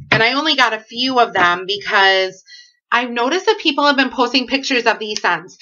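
Bright-voiced gushing woman haul vlogger. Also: on the high side. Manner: chatty, gushing, lots of fillers. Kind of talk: casual product haul vlog. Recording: dull lo-fi home recording.

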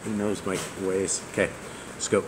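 A man checking dictated text as a proofreader, asking quick questions in a relaxed, encouraging way. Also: low voice. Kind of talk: casual chat. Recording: noisy room, voice off-mic.

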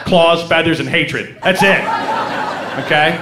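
High-pitched profane stand-up comedian. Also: male voice, measured pace. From Oregon, USA. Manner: animated, profane, riffing. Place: comedy club stage. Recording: echoey club, loud crowd noise.

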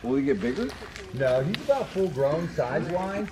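A man's voice: fairly high pitch, lively intonation, moderate pace, crowd noise. A man guiding visitors around an animal ranch, plainly explaining the animals outdoors. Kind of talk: casual explaining. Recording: noisy outdoors from a distance.

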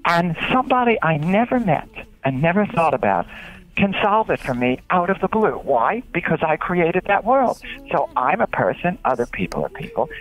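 Lively man telling stories on radio. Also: high voice, normal speed, soft background music. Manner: animated storytelling with acted-out quotes. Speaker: author and guest. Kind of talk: radio interview. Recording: dull dry lo-fi radio audio.

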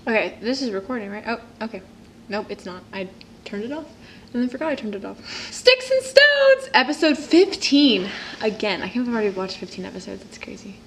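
A woman's voice: medium pitch, fast talker, creaky, slight background noise. A young woman vlogging casually as she plays a story game, chatty and giggly, with self-mocking asides. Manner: drops to a hushed whisper at times. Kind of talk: casual vlog chat while playing a story game.

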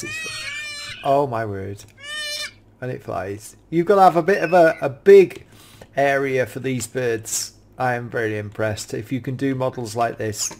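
A middle-aged man, gasping and gushing with excitement while commenting on a game at home. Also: medium pitch, background noise. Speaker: Minecraft YouTuber showcasing mods. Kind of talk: casual gameplay commentary.

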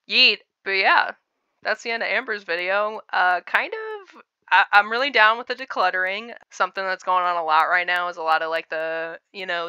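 A woman's voice: on the low side, creaky, pushed and bright, dry recording, lo-fi sound. A woman giving casual, wry and blunt reaction commentary in a chatty way.

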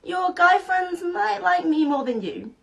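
A woman's voice: very high voice, lively intonation, unhurried, gravelly, over loud music. A young woman joking to the camera, giggling between her lines. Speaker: short-video creator.

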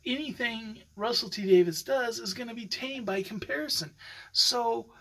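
On a low-quality recording, this podcast host speaks with a medium, somewhat bright voice at a moderate speed. The solo commentary is casual and opinionated, meandering with plenty of filler words and false starts.

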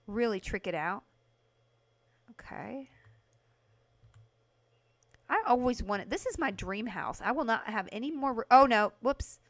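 A woman livestreaming a house renovation game, chatting casually with her viewers and breaking into excited bursts. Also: a little high, unhurried, long pauses. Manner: chatty, talks to chat by name, excited bursts. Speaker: livestream host playing a video game. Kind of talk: casual live game commentary.

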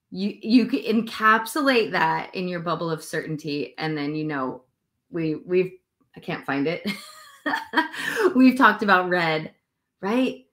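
A woman giving intuitive readings on a livestream, talking in a dreamy, drawn-out way and yawning often. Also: on the low side, animated, a bit bright. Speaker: intuitive reader.

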